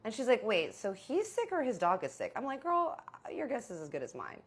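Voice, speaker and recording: A young adult woman casually telling a personal story to camera, animated and exasperated, acting out the dialogue. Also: medium pitch, normal speed, slightly rough. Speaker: vlogger.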